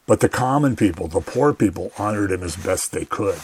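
A man's voice: deep voice, animated, a little fast, a little mellow, husky. A man giving a radio Bible teaching in an earnest, conversational way, often saying "you know".

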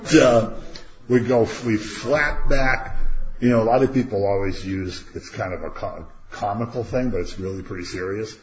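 A man's voice: fairly low pitch, normal speed. A man teaching a casual Bible study class, talking conversationally, asking rhetorical questions and acting out quotes. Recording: dull lo-fi room recording with faint noise.

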